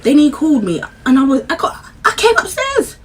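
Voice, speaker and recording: A 21-year-old woman telling a story time vlog in an animated, chatty way, laughing between lines. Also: high voice, fairly quick, slight background noise. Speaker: vlogger.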